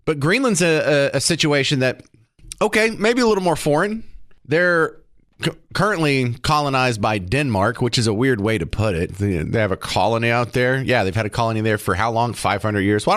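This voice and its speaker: Joking talk radio host, dry studio. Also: male voice, mid-range voice, fairly bright tone, no room sound. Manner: jokey, sarcastic, rambling. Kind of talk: casual opinionated radio talk.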